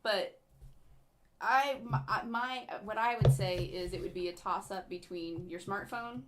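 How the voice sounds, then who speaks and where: A woman's voice: mid-range voice, moderate pace, heavy background noise. A woman co-hosting a casual live stream, reading out viewer questions in a playful, teasing way.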